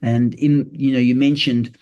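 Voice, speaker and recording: An older man speaks as an interview guest at a mid-range pitch. His talk is earnest and explanatory, full of fillers and restarts as he works through his points. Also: level tone, unhurried, darkish tone, dull audio. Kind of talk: casual interview chat.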